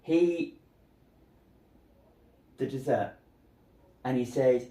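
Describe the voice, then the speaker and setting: A man's voice: fairly high pitch, animated, slow pace, pauses often, dark tone. A man in casual commentary, chatting through a movie scene with lots of fillers. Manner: chatty retelling, many fillers. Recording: roomy echo.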